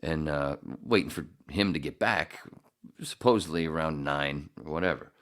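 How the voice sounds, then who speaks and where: A man's voice: a bass voice, normal speed. A middle-aged man hosting a podcast, telling a rambling, profane story with frequent laughs. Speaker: podcast host. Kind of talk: casual storytelling.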